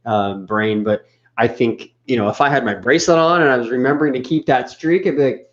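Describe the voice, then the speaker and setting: A man's voice: mid-range voice, expressive, fairly quick, lo-fi sound. Thoughtful, candid man on a talk show. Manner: thoughtful, candid, a little hesitant. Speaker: podcast co-host. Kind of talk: casual reflective chat.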